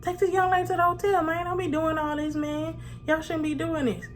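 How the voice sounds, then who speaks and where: A man's voice: very high-pitched, level tone, fairly quick, soft background music, voice pushed up. A woman voicing a male police officer who lectures a young couple in a fatherly, scolding way. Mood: lecturing.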